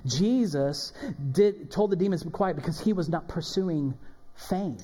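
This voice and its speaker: A man preaching a sermon as pastor, animated and emphatic, acting out the people in the passage. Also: fairly high pitch, moderate pace. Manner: animated, emphatic preaching with dramatic quoted voices. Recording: long hall reverb.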